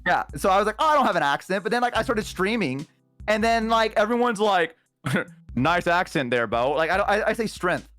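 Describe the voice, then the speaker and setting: A young woman streamer with a Southern US accent, chatting casually and laughing, animated and teasing. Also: mid-range voice, quick pace, soft background music.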